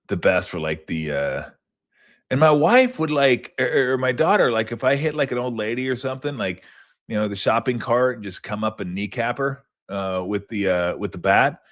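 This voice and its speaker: A man hosting a sports talk show in casual chat, rambling and profane, wandering into tangents with loud bursts. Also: on the low side.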